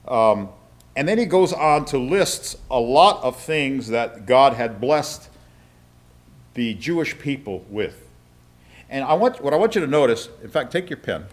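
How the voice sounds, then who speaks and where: A man with a mid-range voice teaching a Bible study to a group. He talks in a plain, conversational way and reads the text aloud, pausing often to explain and to check that his listeners follow. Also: mid-range voice. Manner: reads scripture aloud with frequent asides.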